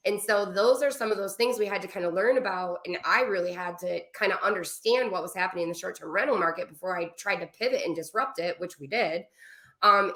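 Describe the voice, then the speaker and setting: A woman on a podcast interview explains her travel business in a rush of asides and quick pivots. Her voice sits in a noticeably roomy, echoing space. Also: medium pitch. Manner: fast, animated explaining with asides. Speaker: guest, travel business owner. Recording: roomy echo.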